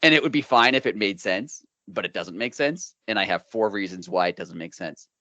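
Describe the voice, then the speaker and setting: A man co-hosting a casual wrestling talk show, animated and sarcastic, mocking others with put-on voices. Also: on the low side, fairly quick, no room sound. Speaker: podcast co-host.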